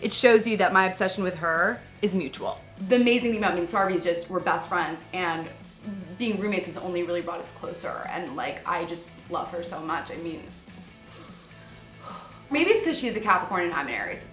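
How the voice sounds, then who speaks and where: A woman's voice: on the low side, expressive, a little fast, fairly bright tone. A bubbly, upbeat woman in her twenties from New York, chatting as host of a home tour vlog. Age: 20s. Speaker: video producer and host. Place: her apartment. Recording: echoey room, faint background music.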